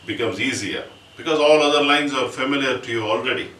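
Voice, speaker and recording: Speaking in a mid-range voice that's brisk, pushed and bright, this man teaches percussion, explaining every step with patience and chanting the rhythm syllables aloud. The mic is distant, the room sounds roomy, and an instrument plays in the background.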